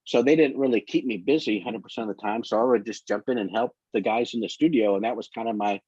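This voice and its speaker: A husky, dark, low-leaning voice moves fast as a photographer in a casual interview tells long, rambling stories from his work. There's no room sound, and the audio is dull, dry and lo-fi.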